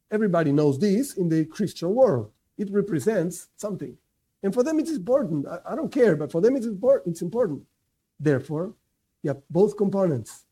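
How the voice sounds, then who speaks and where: A man's voice: high voice, warm tone. A man giving an informal religious lecture, emphatic and conversational, repeating his key points and answering imagined objections. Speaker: teacher giving a class.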